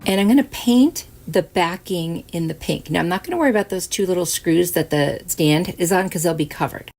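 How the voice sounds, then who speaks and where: Chatty diy lady narrating her crafts, low gravelly voice, easy step by step. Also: expressive, a little fast. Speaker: craft channel host. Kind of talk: casual DIY tutorial voice-over. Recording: soft music behind.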